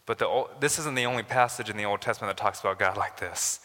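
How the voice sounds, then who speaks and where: A man's voice: on the low side, fast talker, pushed and bright, in a large hall. A man preaching a sermon as a pastor, talking conversationally and building to emphatic rises.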